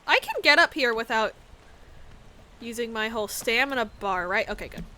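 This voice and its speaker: Young female streamer, rambling jokey chatter while playing; bright, slightly high voice, faint hiss behind. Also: animated, moderate pace. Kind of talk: casual gameplay chat.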